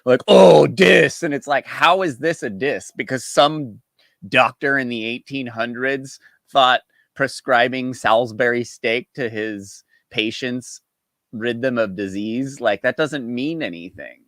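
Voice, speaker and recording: A man's voice: medium pitch, measured pace, sharp tone, dry recording. A man ranting in exasperation on a livestream, mocking the people he quotes. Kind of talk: casual livestream rant.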